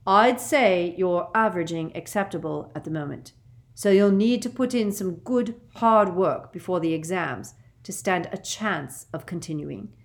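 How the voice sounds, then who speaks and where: A woman voicing a stern older female professor in an audiobook, speaking crisply, curtly and a little haughtily. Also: lowish voice, a little slow. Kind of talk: audiobook character voice.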